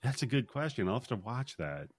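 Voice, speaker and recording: A man's voice: medium pitch, sing-song, a little fast, slightly rough, no echo. A man co-hosting a podcast, recapping a movie in laid-back, profane, wisecracking chat. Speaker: podcast co-host.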